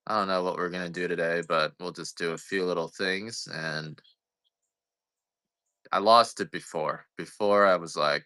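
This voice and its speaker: A man's voice: sits low, normal speed, sharp tone, no room sound. A man selling coffee on a livestream, chatting casually in a rambling, self-deprecating, joking way. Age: adult parent.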